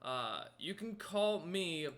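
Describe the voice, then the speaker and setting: A man voicing a huge male frost giant raider who talks loud and blunt, gruff but respectful. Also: high-pitched, big pitch swings, slow pace, voice pushed up, full character voice. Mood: gruffly friendly.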